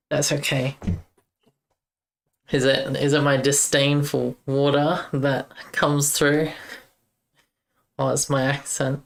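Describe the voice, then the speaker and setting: Coding live, this young game-dev streamer chats loosely and off the cuff, thinking out loud and pausing to talk with viewers. The voice is medium-pitched, flat and level with a gravelly fry, delivered slowly with long pauses.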